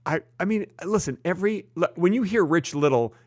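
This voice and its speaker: A man co-hosting a casual comedy podcast, joking in a deadpan, absurd way. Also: high-pitched, brisk, dry recording, clean studio sound. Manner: deadpan, absurd joking, sings and does silly bits. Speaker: podcast co-host.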